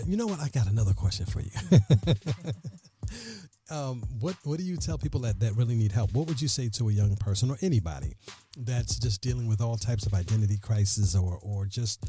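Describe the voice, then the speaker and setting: A man's voice: mid-range voice, animated, brisk, mellow, faint music behind. A man hosting a podcast interview in a studio, chatty and laid-back, laughing easily. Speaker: podcast host. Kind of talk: casual interview.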